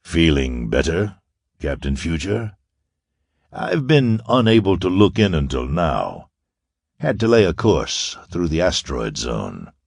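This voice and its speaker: A man doing a smooth half-Martian villain in an audiobook, gloating with quiet, ironic menace. The voice sits very low and drawn-out, with a rich rise and fall. It is recorded close and dry. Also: very animated, no echo, exaggerated voice. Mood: mocking. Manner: ironical, soft-spoken menace.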